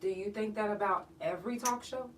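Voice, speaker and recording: A woman's voice: medium pitch, brisk, slight background noise. A woman hosting a podcast, ranting bluntly and profanely in an emphatic, outspoken monologue. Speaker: podcast host. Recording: voice a bit far from the mic.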